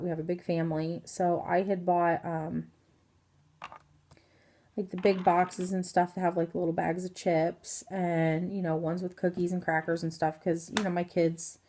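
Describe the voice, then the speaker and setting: A woman's voice: on the low side, dark tone. A woman in her thirties from Indiana giving a rambling, casual health update to her phone camera, full of ums and self-corrections. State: hiccups. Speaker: vlogger.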